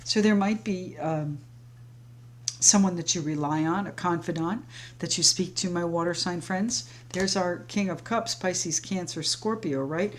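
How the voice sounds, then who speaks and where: A woman's voice: fairly low pitch, measured pace, a little hiss or hum. A woman doing a tarot reading, talking in a flowing, reassuring way straight to her viewers as friends. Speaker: tarot reader. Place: home, sage burning nearby.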